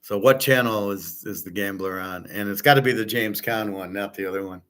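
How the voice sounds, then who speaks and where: Brisk and fairly bright in tone, a man's fairly low voice carries a casual livestream chat. As host, he answers viewers' questions in a blunt, opinionated, wandering way, rambling as he goes.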